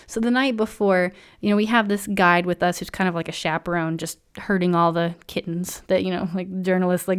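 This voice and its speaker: Lively woman telling a travel story. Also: lowish voice, brisk, clear, resonant tone. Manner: animated, laughs often, acts out quoted people. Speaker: podcast host.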